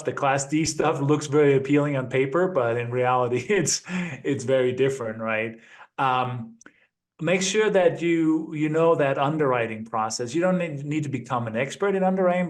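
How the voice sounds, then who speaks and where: Relaxed male guest, middle-pitched voice. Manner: relaxed, reflective, often ends points with "right?". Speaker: guest, apartment investor. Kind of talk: conversational interview.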